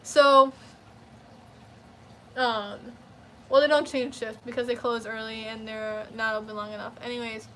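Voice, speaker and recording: A young woman telling a profane, animated story in a casual storytime rant. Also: on the high side, a little hiss or hum. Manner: profane, animated, quick to flare up. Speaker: vlogger.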